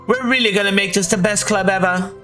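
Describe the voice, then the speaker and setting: A man voicing an earnest teenage girl who leads a literature club, in a soft falsetto. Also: steady tone, fairly quick, soft background music. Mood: gentle. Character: poised teen girl, literature club president.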